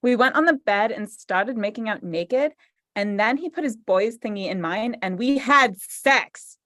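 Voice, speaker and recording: A woman's voice: fairly high pitch, lively intonation, unhurried, fairly bright tone, no room sound. A woman doing a playful, mock-serious reading of a story aloud with friends. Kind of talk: comic dramatic reading. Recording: dry close sound.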